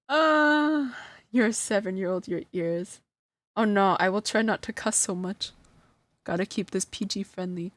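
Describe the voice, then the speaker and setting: A woman's voice: medium pitch, a little slow, dry recording. A woman streamer chatting casually to her live chat, flustered and self-deprecating, often breaking into laughter. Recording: dry close sound.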